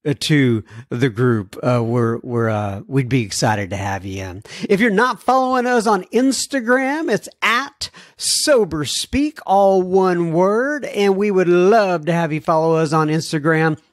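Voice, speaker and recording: A man hosting a podcast talks in a casual, rambling way, joking at his own expense and laughing easily. His voice sits somewhat high for a man. The sound is dry and close, with no room around it. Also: lively intonation, unhurried, hardly any pauses, dry recording. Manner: chatty, self-deprecating, laughs often. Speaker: podcast host.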